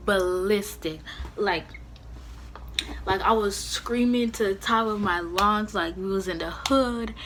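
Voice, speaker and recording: A young woman telling a storytime vlog at home in a casual, animated way, full of "you know" and "like". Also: mid-range voice, slight background noise. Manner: animated, heavy use of "you know" and "like", acts out her own angry quotes. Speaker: vlogger.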